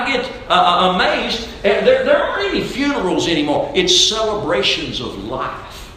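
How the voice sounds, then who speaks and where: High, bright-voiced preacher, booming echo. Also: male voice, a little hiss or hum. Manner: emphatic, repeats key phrases for stress. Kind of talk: sermon. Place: church sanctuary. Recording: very echoey church hall.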